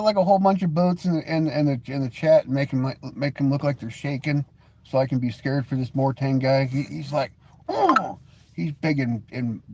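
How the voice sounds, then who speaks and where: A man hosts a casual live stream, talking straight to his chat in a slightly raised voice. He teases viewers with heavy sarcasm, breaks into laughter often, and trips over repeated words as he goes. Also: on the high side. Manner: mocking, sarcastic teasing with frequent stammered restarts.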